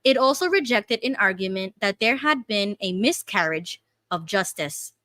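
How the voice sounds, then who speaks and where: A woman's voice: mid-range voice, expressive, pushed and bright, no echo. A Canadian woman co-hosting a casual online news chat, reading a news article aloud carefully. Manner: reads carefully, admits she talks fast. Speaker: co-host.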